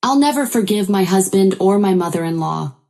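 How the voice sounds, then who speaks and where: A woman narrating a first-person story in an even, measured way. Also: medium pitch, creaky.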